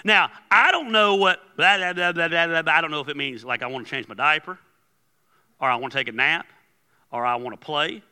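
A man preaching a sermon as pastor, animated and acting out quoted prayers. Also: on the high side. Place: large church hall. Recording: long hall reverb.

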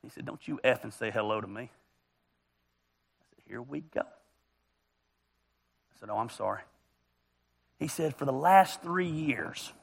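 A man's voice: fairly high pitch, gravelly, sharp tone, husky. A man preaching a humorous, storytelling sermon as a pastor, joking and teasing his congregation. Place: church auditorium.

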